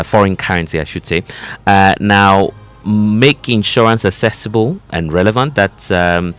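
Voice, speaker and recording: This is a man with a very deep voice co-hosting a morning radio show. He works through newspaper headlines and adds his own comments. He keeps the tone conversational, with hesitant fillers between phrases. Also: fairly bright tone, smooth. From Ghana. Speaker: radio co-host. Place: radio studio.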